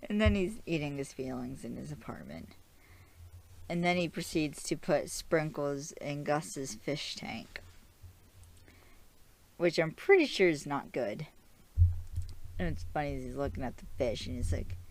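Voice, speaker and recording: Low-voiced young woman recapping a show. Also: lively intonation, unhurried, vocal fry, pauses often. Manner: chatty, rambling, with frequent "like" and restarts. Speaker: podcast host. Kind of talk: casual episode recap.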